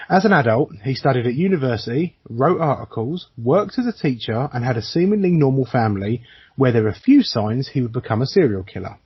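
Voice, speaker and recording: A man chatting on his podcast, voice bouncing up and down as he tells a story, cursing freely and laughing along. His tone is a little husky and the sound is close and dry, with a slightly muffled, dull quality to the recording. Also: medium pitch, a little fast, dry recording. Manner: swears a lot, laughs often, lively storytelling. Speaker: podcast co-host. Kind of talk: casual podcast chat.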